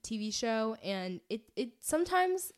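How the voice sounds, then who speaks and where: Bubbly young woman, higher voice. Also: big pitch swings, measured pace, smooth. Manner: bubbly, chatty, lots of fillers and laughs. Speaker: podcast co-host. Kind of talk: casual chat.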